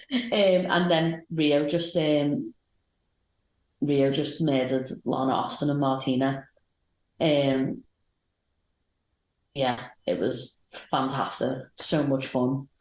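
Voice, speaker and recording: A woman's voice: extremely low pitch, steady tone, slow pace, long pauses, a little mellow. A woman co-hosting a podcast, recapping matches in a rambling, enthusiastic chat. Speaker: podcast co-host. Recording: roomy echoey sound.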